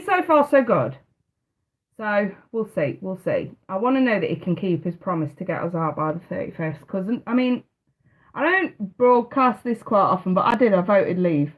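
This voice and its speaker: A woman's voice: mid-range voice, poor audio. A woman, hosting a live tarot stream in casual, hesitant chat and laughing often. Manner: chatty, hesitant, often restarting, laughs a lot.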